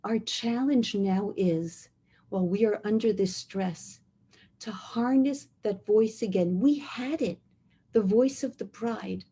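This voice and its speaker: Middle-aged woman, inspirational talk, earnest, emphatic, mellow and husky. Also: mid-range voice. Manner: earnest, emphatic, repeats key phrases slowly. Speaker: speaker on relationships.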